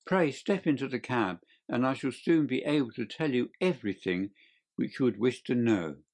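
A cool, clever detective who speaks blandly and evenly, with quiet assurance, voiced by a man reading an audiobook. His voice stays close to the reader's own mid-range tone. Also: medium pitch, lively intonation. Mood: composed. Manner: bland, measured. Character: calm, clever male detective.

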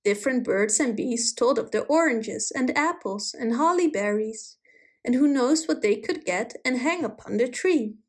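A woman reading a children's animal story aloud, gently and slowly, putting small voices on the animals. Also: on the high side, animated. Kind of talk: storybook read-aloud narration.

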